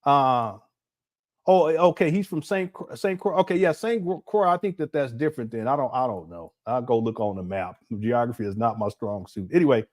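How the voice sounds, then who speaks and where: Calling his audience family, this reaction commentary host jokes and rambles in slangy fashion, laughing frequently. He speaks at a normal speed in an expressive, mid-range voice with a darkish tone.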